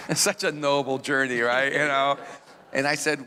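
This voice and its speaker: A man's voice: mid-range voice, flat delivery, moderate pace, in a large hall, noisy background. A man, a pastor, telling his life story as an interview guest, rambling with restarts and laughing at himself.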